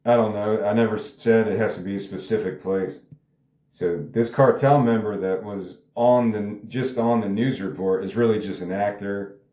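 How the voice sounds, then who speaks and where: Casual male writer reading his script; low, mellow voice, echoey room. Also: moderate pace. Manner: rambling, casual, swears. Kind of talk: table read with commentary. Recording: roomy echo.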